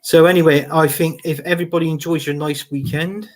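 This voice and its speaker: This football show host speaks a little fast in a slightly high, steady voice. Going through viewer comments on his live stream, he keeps things chatty, laughs frequently, and says some phrases more than once.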